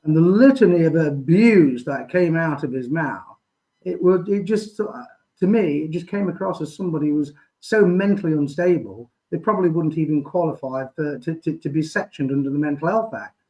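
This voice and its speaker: A man's voice: on the high side, expressive, fairly quick, dark tone, poor audio. A man with a Midlands English accent, a guest in a live chat, rambling through anecdotes.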